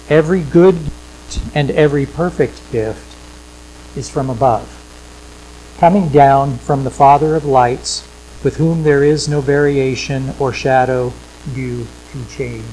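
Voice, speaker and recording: A male pastor preaching a sermon in a church, conversational, repeating phrases for emphasis and swinging between loud points and quiet asides. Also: on the high side, a little slow, a little hiss or hum, low-quality recording. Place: church sanctuary with projection screens.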